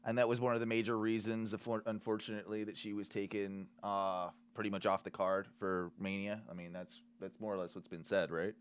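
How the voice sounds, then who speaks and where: A man with a fairly low voice chats as a podcast co-host. He hedges often and restarts his sentences while thinking aloud. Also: little pitch movement, fairly quick, hardly any pauses. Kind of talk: casual chat.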